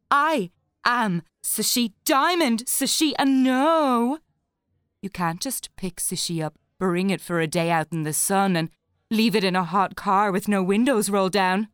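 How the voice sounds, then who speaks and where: A woman playing a brash, scheming party guest who talks in grand, melodramatic swings between loud and hushed. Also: mid-range voice, no room sound, studio quality. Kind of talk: stage play acting.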